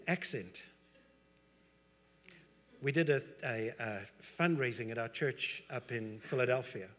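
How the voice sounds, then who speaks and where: A man's voice: medium pitch, unhurried, pauses often, fairly bright tone. A middle-aged man with a South African accent preaching a sermon, conversational, with asides and rhetorical questions to the congregation. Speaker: pastor. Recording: long hall reverb.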